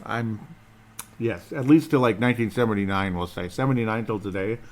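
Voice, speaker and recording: A man's voice: fairly low pitch, brisk. A man hosting a casual solo podcast in a rambling, jokey, self-deprecating way. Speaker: podcast host.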